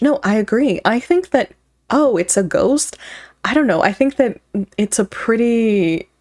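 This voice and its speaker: A woman's voice: mid-range voice, darkish tone. A woman streamer in casual reaction chat, giggly and chatty, talking to her viewers.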